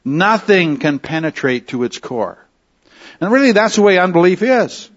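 A man preaching an expository sermon, teaching slowly and deliberately, repeating key phrases for emphasis. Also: high-pitched, very animated, dull audio. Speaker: pastor.

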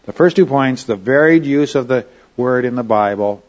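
A man's voice: mid-range voice, expressive, normal speed, darkish tone, dull audio. A man teaching a Bible study lesson in a conversational way, often checking in with his listeners.

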